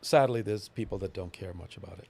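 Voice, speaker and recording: A man's voice: lowish voice, fast talker, darkish tone, no echo. A man appearing as a political guest on a talk show, plain-spoken and blunt in what he says. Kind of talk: casual chat.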